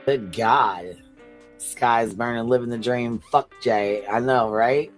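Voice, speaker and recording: A woman's voice: rumbling low, slow pace, faint music behind. A woman live streamer talking in a crude, taunting way.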